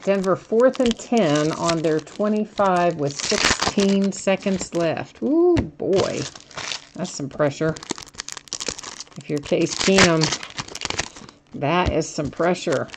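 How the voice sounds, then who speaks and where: Woman, deep voice, casual card-break host, chatty, self-mocking, crinkling wrappers and noise behind. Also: slow. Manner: chatty, laughs at herself, reads out card names. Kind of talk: casual live-stream commentary while opening cards.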